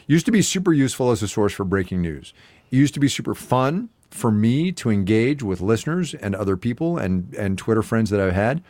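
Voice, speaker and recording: A man co-hosting a casual news chat show, giving emphatic, animated opinions. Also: fairly low pitch, a little fast, no room sound. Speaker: co-host.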